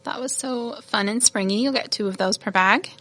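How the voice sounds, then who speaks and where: A woman's voice: on the high side, moderate pace, bright, forceful tone. A woman hosting a casual product showcase, chatty and gushing, laughing at her own fumbles. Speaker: shop host showing new beads.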